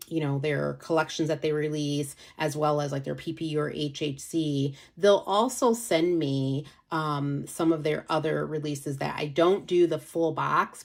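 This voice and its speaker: A woman's voice: low-pitched, creaky. A woman hosting a casual livestream, chatty and rambling with many fillers. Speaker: nail polish livestream host.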